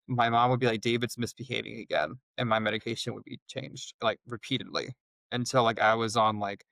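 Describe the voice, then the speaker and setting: A young man speaking as an interview guest, telling a personal story in a halting way with many filler words. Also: fairly low pitch, gravelly, a bit bright, dry recording, rough recording. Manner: halting, heavy use of "like" fillers.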